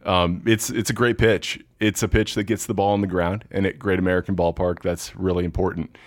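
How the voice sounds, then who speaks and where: Low-voiced man, earnest and friendly. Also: little pitch movement, brisk, no room sound, studio quality. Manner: friendly, earnest, frequent restarts and laughs. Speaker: professional baseball pitcher, guest. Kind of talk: casual interview chat.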